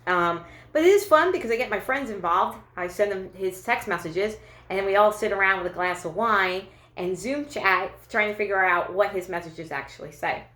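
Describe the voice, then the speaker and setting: A woman's voice: mid-range voice, moderate pace, fairly bright tone. Chatty self-deprecating woman comic in an echoey room. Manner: chatty, self-deprecating, many fillers and restarts. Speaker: stand-up comedian. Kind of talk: stand-up comedy monologue.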